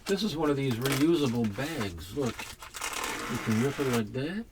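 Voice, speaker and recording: A man chatting casually while unboxing comics at home, rambling and halting, with the odd swear word. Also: medium pitch, expressive, background noise. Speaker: comics collector vlogger.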